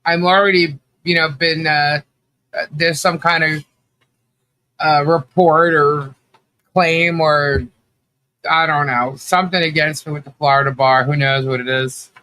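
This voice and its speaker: A man's voice: fairly high pitch, steady tone, unhurried, long pauses, pushed and bright. A man hosting a casual livestream chat, greeting viewers by name, a little nasal from allergies and chatty with frequent laughs. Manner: chatty, laughs often, many fillers and restarts. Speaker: livestream host.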